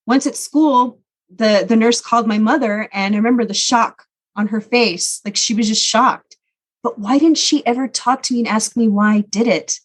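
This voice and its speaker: A woman talking as a podcast guest, telling her own life story in a candid, earnest way. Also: fairly high pitch. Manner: candid, earnest recounting of painful memories. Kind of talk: personal storytelling.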